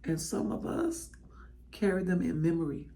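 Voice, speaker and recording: Her voice is low-ish, steady and dark, delivered at normal speed. As a podcast host, she's tearful and emotional, testifying to "y'all" in a heartfelt spoken reflection.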